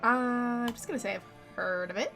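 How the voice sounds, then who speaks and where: A woman's voice: a little high, a little fast, fairly bright tone, soft background music. A young woman giving casual, playful commentary while playing through a story game. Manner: playful, chatty asides with frequent laughter. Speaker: gamer. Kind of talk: casual let's-play commentary.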